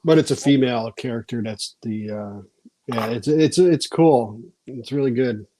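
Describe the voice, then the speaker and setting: A man on a podcast, talking quietly and hesitantly while getting over a cold. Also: medium pitch, moderate pace, a crowd in the background. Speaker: podcast guest. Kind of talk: casual chat.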